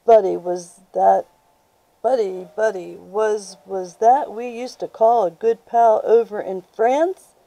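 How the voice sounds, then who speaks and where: An earnest young ex-soldier who hesitates and repeats himself as he speaks, as a woman reads him aloud. The delivery is slow, and the voice has a warm, mellow tone. It sounds like a storybook reading. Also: mid-range voice, poor audio.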